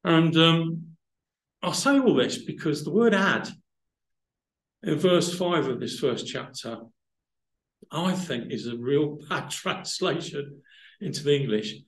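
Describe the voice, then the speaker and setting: A man's voice: a little high, expressive, slow, long pauses, reverberant, rough recording. A man preaching a sermon, explaining word roots thoughtfully and building to emphatic passages.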